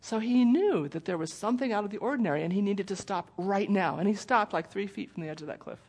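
A middle-aged parenting speaker gives a presentation with slides, talking fast in a husky, darkish medium-pitched voice. She stays conversational and intense without raising her voice, acting out the voices she quotes.

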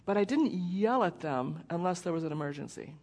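Middle-aged woman doing a parenting talk, chatty, kinda intense but never loud. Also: lowish voice, animated, a little fast. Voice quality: intense without raising her voice. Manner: conversational, acts out quoted voices. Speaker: parenting speaker. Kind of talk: presentation talk with slides.

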